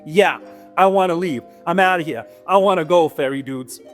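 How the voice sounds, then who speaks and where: A man's voice: on the high side, moderate pace, close to an everyday voice. A man playing a resentful male giant grumbles through his side of a storybook tale in a raised, squeezed-up voice, full of street-tough grammar and indignant questions. A little guitar plucks faintly behind him. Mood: indignant grumbling.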